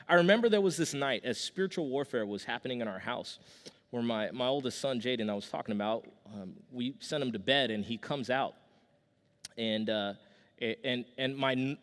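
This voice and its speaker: A man in his thirties preaching a sermon as pastor, telling stories conversationally with restarts and a casual "y'all". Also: mid-range voice. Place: church sanctuary with long reverb. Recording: long hall reverb from a church.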